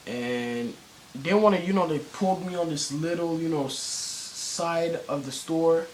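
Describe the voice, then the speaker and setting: A man's voice: a little high, measured pace, a little mellow, slight background noise, poor audio. A teenage boy telling a story in a casual vlog, rambling with many fillers and restarts and plenty of cursing. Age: teens. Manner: cursing, slangy.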